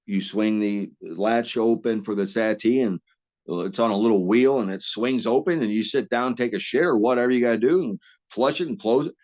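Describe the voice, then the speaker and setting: A man's voice: lowish voice, normal speed, darkish tone, muffled recording. A man telling stories casually as an interview guest, rambling with frequent restarts and coarse language. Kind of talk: casual storytelling.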